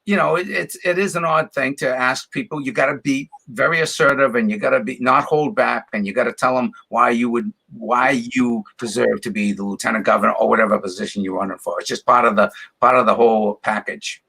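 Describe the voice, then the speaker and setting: A man with a Boston accent chatting as a comedian guest in an interview, emphatic and repeating his points, quick to laugh. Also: medium pitch, steady tone, vocal fry, sharp tone, husky. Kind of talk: casual interview chat.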